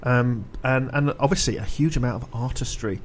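A man hosting a casual radio-style chat, relaxed and talkative, with fillers as he links segments. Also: mid-range voice, moderate pace, a little hiss or hum. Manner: relaxed, chatty, hesitant fillers. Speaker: host.

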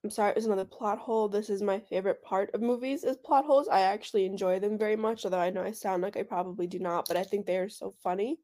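A woman guest on a podcast talks casually about a movie, picking out plot holes as she goes. Her voice is mellow and warm, sitting at a middling pitch. She speaks in a chatty way and uses "like" often. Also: steady tone. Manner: chatty, quick to point out plot holes, frequent "like".

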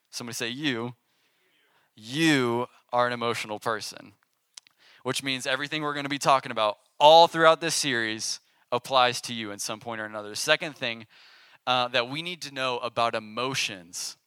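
A young man giving a casual, animated sermon to a youth group, with call-and-response. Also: medium pitch, smooth, no echo. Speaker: youth pastor.

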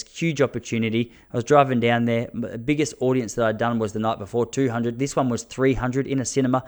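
Telling stories in an easygoing solo monologue, a comedian and podcaster in his thirties speaks with an Australian accent in a mid-range voice, animated and chatty, often backing up to restart.

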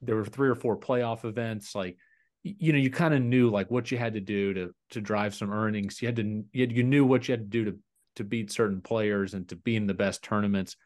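A man's voice: fairly low pitch, fairly quick. Male podcast host asking probing questions. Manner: probing, conversational, filler-heavy. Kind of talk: interview questions.

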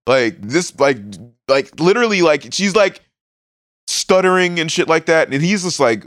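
A man chatting casually on a podcast, recapping a story in animated, slang-heavy, profane bursts. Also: a little high, moderate pace, no echo, clean studio sound. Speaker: podcast co-host. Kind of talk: casual chat recapping a manga.

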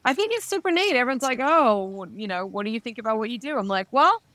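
An Australian woman as a podcast guest, talking in a lively casual way and acting out quoted voices. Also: fairly high pitch, fast talker, no room sound.

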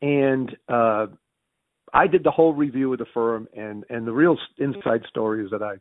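Speaking with a Yankee accent from the Northeastern US, a middle-aged man who used to be a mayor and finance executive tells business stories in an interview. He's fast and excitable, restarting sentences and acting out dialogue with large pitch leaps. It's a dry, tinny recording that sounds like a phone.

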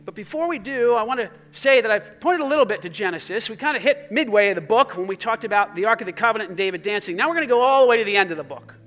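A male pastor preaching a sermon to a congregation, swinging between fervent exclamations and hushed passages, with jokey asides. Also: sits high, lively intonation, racing, few pauses.

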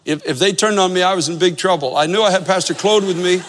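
High-voiced preacher in a reverberant hall. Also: male voice, fast talker, a bit bright, a little hiss or hum. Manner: earnest storytelling, repeats phrases for emphasis. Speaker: pastor. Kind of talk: sermon with storytelling.

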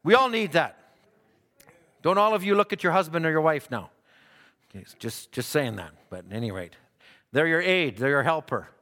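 A man preaching a sermon earnestly, often stumbling into quick restarts as he reads and explains scripture. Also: a little high, lively intonation, pushed and bright. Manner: earnest, with frequent stammered restarts. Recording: long hall reverb.

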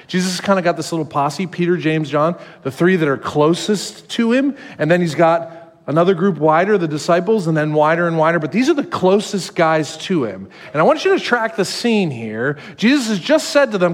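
High-voiced man preaching in an echoing hall. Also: normal speed. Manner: conversational, animated storytelling. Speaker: pastor. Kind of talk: sermon.

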